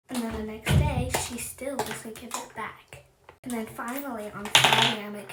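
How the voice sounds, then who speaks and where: Getting ready for bed at home, first in the bathroom and then the bedroom, a young woman vlogs a story packed with "like"s and her friends' quoted lines. Her voice sits fairly high, steady in tone, at a moderate pace. She's far from the mic in an echoey room with noise behind her.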